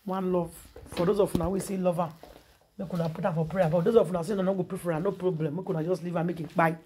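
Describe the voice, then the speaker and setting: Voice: medium pitch, fairly even intonation, racing, a little mellow, slight background noise. A vlogger with a Nigerian accent telling celebrity gossip as dramatic storytelling, emphatic and preachy, full of rhetorical questions.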